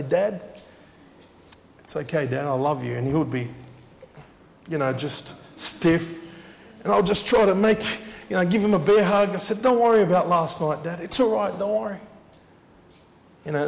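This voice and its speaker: A man's voice: fairly high pitch, vocal fry, darkish tone, long reverb tail. A man preaching a sermon as he shares his testimony, earnest and repeating his words for emphasis.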